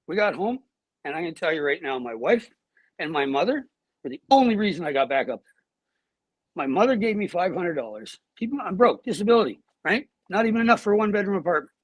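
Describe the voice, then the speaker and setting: A middle-aged man, a guest telling a personal story in an animated, blunt way and swearing freely. He talks on earbuds over a video call from home. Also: sits high, fast talker, no echo, rough recording. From Canada.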